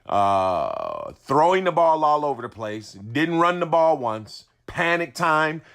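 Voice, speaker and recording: A man's voice: medium pitch, huge pitch swings, takes it slowly, creaky. A man giving an indignant, repetitive rant as a sports commentator, hammering his points over and over. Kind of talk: ranting video commentary.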